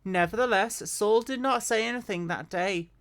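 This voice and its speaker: A woman reads a Bible passage aloud at a plain, middle pitch. Her reading is unpolished, with frequent restarts and self-corrections, like a casual daily reading. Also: moderate pace. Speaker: scripture reader.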